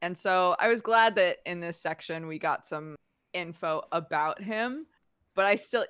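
A young woman hosting a casual manga podcast. She talks in an animated way, laughs often and swears freely. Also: fairly low pitch, unhurried, smooth, dry recording, studio quality. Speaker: podcast host. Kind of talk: casual chat.

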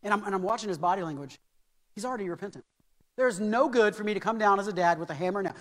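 A man's voice: high voice, fast, a bit bright. An American man preaching a sermon as pastor, earnest and anecdotal, repeating key phrases for emphasis. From United States. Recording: reverberant hall.

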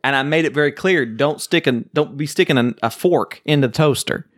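A man's voice: a little high, a little fast. A man hosting a board game podcast, chatting casually and telling rambling, joking stories. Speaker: podcast host. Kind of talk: casual chat.

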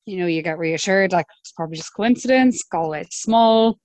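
A young Irish woman in her twenties, telling her own story in a relaxed, chatty way with hesitant restarts. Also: fairly low pitch, normal speed, no echo. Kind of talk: conversational storytelling.

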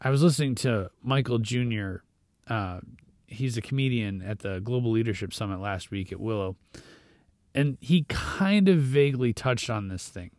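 A man's voice: mid-range voice, animated, normal speed, a little mellow, no room sound, clean studio sound. A man hosting a short devotional show, reading scripture and then reflecting in a conversational, informal way. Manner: conversational and reflective, with fillers and restarts. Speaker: devotional podcast host.

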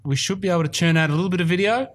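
Speaking high and at a racing clip, an Australian man hosts a golf podcast from a studio room. His chat is casual and rambling, with a touch of self-deprecation.

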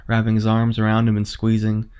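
A man's voice: lowish voice, monotone, a little mellow, smooth. Man narrating a horror story. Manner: measured, suspenseful.

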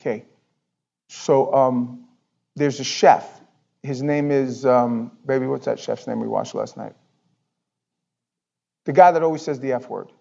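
A male pastor preaching a sermon in a church, talking in an animated, conversational way and often repeating words. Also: medium pitch, a little slow, creaky, pauses often, muffled recording. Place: church sanctuary.

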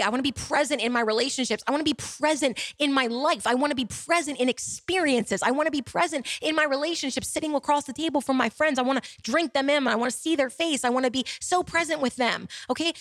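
A woman hosting a solo podcast, talking with passion, repeating phrases and asking rhetorical questions, sometimes dropping to hushed tones. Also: sits high, no room sound, clean studio sound. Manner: drops to soft, hushed tones. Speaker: podcast host.

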